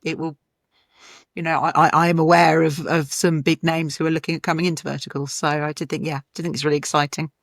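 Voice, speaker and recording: A woman's voice: low-pitched, little pitch movement, no room sound. Eager woman host, dry close mic. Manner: enthusiastic, quick to react. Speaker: podcast host. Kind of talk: casual interview chat.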